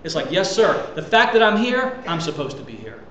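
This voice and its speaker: A man's voice: high-pitched, sing-song, brisk, fairly bright tone, roomy sound, low-quality recording. A man preaching a sermon as pastor, talking conversationally and emphatically, throwing out rhetorical questions to his congregation. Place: church sanctuary.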